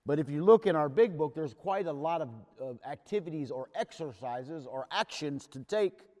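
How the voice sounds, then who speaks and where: A man's voice: on the high side, expressive, moderate pace, a little mellow. A man leading a recovery workshop, telling his own story in a plain-spoken, earnest way. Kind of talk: candid personal talk to a recovery group. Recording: long hall reverb.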